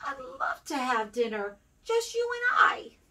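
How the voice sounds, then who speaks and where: A woman voicing a small, frightened, lonely male lamb from a children's storybook, plaintive and soft. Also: very high voice, huge pitch swings, measured pace, distant mic, pitched above the performer's own voice, heavily acted. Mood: shy.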